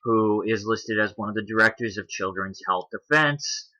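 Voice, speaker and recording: A man's voice: lowish voice, moderate pace, sharp tone, dull audio. A man hosting a commentary video, talking through a list on screen in a casual explaining way, with a Canadian accent.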